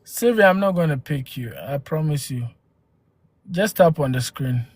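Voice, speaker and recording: A man's voice: fairly high pitch, lively intonation, normal speed, no room sound. Argumentative man, raised voice. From Ghana. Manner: argumentative, rhetorical questions, exclamations. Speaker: livestream host. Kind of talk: live-stream commentary.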